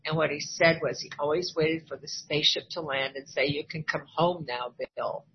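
At a recovery meeting, an older Iowan woman tells her story candidly in a low voice at a moderate pace, performing the voices of those she quotes. Faint ambience and a bit of hiss or hum come through the dull, lo-fi recording.

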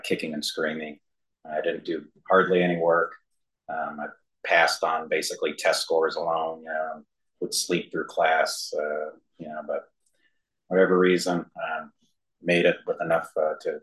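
A man giving a personal testimony to a room and a video call, halting, with many fillers and self-deprecating humor. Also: deep voice, poor audio. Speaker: speaker sharing his recovery story. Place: room with an audience, also streamed to a video call.

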